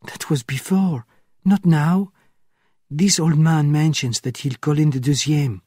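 A man's voice: fairly high pitch, measured pace, warm tone, slightly rough, no room sound, studio quality, pitched above the performer's own voice. A man reading an audiobook, voicing a frightened female accomplice of an assassin in a raised, urgent voice. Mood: pleading.

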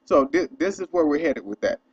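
A young man ranting in a casual vlog, profane and animated as he tells a story. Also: on the high side, fairly quick, slightly rough, dull audio. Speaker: vlogger.

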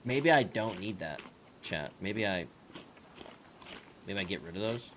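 A man's voice: on the low side, animated, unhurried, a bit bright, slight background noise. A man streaming a survival game, chatting casually with teammates in profane, exasperated bursts. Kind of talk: casual gaming chat with teammates.

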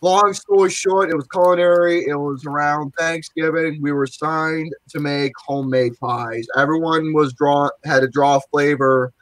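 Young man, podcast host, slightly high voice, dry close sound, crude rambling chat. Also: steady tone, moderate pace, few pauses, a bit bright, dry recording, low-quality recording. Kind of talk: casual chat.

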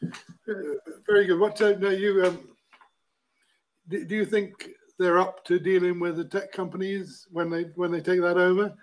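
High, flat-voiced man asking questions. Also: normal speed, rough recording. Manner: questioning, hesitant. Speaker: discussion chair.

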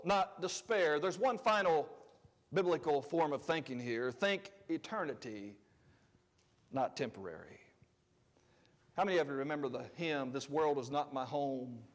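A man preaching a sermon as pastor, conversational, swinging between loud emphatic lines and quiet asides. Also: a little high, in a large hall. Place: church sanctuary.

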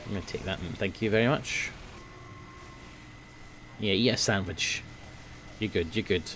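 A young man giving casual gameplay commentary, swearing often and grumbling at his team, quick to flare up. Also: lowish voice, a bit bright, slight background noise. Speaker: gaming video host.

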